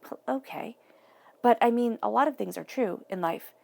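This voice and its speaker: A woman's voice: on the high side, normal speed, vocal fry, darkish tone. A woman giving a tarot reading, talking earnestly and directly to the viewer in a casual, conversational way. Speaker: tarot reader.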